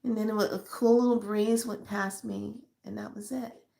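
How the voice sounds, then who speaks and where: A middle-aged woman vlogger telling a personal story to her viewers in an animated, emotional way. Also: medium pitch, normal speed, creaky. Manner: emotional, animated retelling with acted quotes. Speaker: spiritual vlogger.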